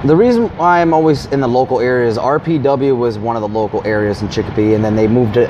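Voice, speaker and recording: A man's voice: mid-range voice, quick pace. A man, a local pro wrestler, chatting casually in an interview, playful and a little stuttery. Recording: dull lo-fi sound with clear street noise.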